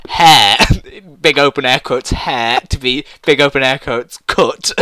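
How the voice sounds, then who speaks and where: Young male co-host, animated and giggly, bright tone with hugely varied pitch. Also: no room sound, studio quality. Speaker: podcast co-host. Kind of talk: casual chat while gaming. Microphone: desk mic.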